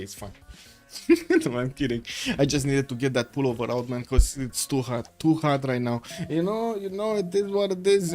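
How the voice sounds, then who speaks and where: Chatty, playful man with a higher voice. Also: a little mellow. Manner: chatty and playful, laughs often, talks to chat. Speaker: stream caster commenting on a strategy game match. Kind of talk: live-stream game commentary.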